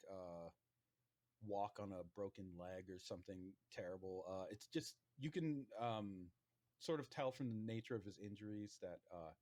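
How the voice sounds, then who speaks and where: A man narrating a tabletop game as game master, relaxed and rambling with many fillers. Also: fairly low pitch.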